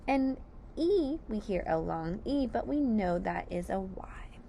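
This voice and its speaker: A woman teacher slowly sounding out sight words, syllable by syllable, for young children. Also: medium pitch, lively intonation, mellow, a little hiss or hum. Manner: clear, deliberate sounding out of each letter. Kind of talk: slow phonics lesson.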